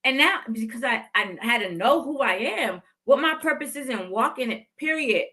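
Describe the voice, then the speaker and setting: With an animated, sharp-toned voice on the high side, this woman in her fifties hosts a podcast at a moderate pace. She shares heartfelt motivational faith talk, repeating phrases to stress them.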